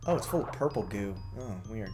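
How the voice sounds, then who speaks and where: A man's voice: lowish voice, expressive, brisk, a little mellow, husky, faint music behind. A man co-hosting a gaming video, self-mocking and chatty while he plays. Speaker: let's play co-host. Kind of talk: casual gaming banter.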